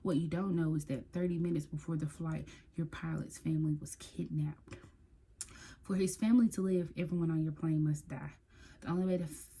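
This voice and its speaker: A woman chatting casually and excitedly about books she bought, sometimes reading blurbs aloud. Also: sits low, a little hiss or hum. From United States. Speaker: book vlogger. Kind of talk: casual book haul chat.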